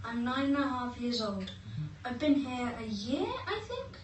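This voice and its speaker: A woman voicing a weary nine-year-old boy factory worker, in a flat, matter-of-fact way. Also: on the high side, measured pace. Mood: plain. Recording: echoey room from far off, background noise.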